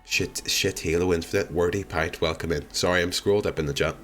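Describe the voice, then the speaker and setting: A man's voice: low voice, steady tone, a little fast, a bit bright, soft background music. A young man chatting casually on a live stream, answering viewer comments in a rambling, wry, self-deprecating way. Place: home streaming room.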